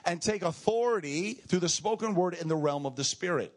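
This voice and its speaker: A man preaches to his church family, telling a story with lively emphasis. His voice rises high when he stresses a point and sinks low and soft in the tender moments. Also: a little fast, few pauses. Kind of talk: sermon storytelling.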